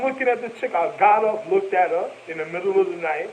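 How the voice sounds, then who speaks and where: A young man with a fairly high voice tells a long story in an animated, rambling way. He drops frequent street slang and profanity and keeps repeating himself. A faint hiss runs underneath the talk. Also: fairly quick, hardly any pauses, low-quality recording. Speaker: vlogger.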